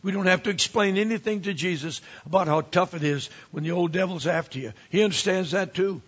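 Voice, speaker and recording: A man who is a pastor, preaching a sermon with animated swings from quiet asides to emphatic rises. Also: sits high, brisk, slightly rough, dull audio.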